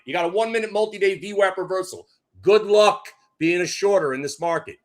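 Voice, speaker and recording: A man's voice: high-pitched, a little fast. A man recapping trades in a brash, punchy way, trash-talking short sellers. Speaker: day trader. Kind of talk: hyped trading recap.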